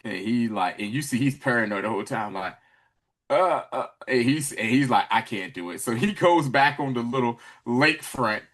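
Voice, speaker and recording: A man's voice: medium pitch, brisk, few pauses. A man hosting a podcast, recapping a TV episode in casual chat and acting out the scenes. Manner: animated, acts out scenes. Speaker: podcast host.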